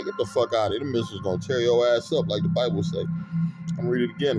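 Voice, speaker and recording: A man preaching from the Bible, reading verses aloud and breaking into loud, fervent, laughing commentary in casual slang. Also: medium pitch. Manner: casual slangy talk, unhurried while looking up verses. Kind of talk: street sermon reading scripture. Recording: music playing under the voice. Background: music bed.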